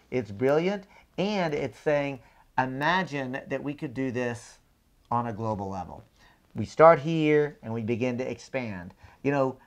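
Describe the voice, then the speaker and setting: A man speaks with conviction as a guest in a conversation about politics. He drives each point home with emphatic, repeated phrases, his pitch sitting in an ordinary middle range. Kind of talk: impassioned conversational speech.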